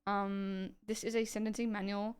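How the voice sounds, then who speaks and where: A woman's voice: medium pitch, little pitch movement, moderate pace, clean tone. An Australian woman livestreaming, reading dense legal text aloud and chatting offhand with viewers, swearing casually.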